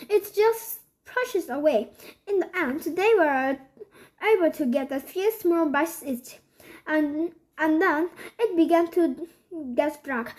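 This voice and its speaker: High-voiced Korean-accented woman reading aloud. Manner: halting, repeating words and restarting. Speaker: reader. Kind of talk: reading a children's book aloud.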